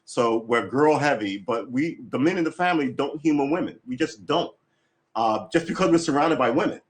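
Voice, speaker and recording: A man's voice: mid-range voice, expressive, normal speed. A man talking casually on his own livestream, blunt and opinionated, swearing freely and laughing often. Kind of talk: casual rambling chat.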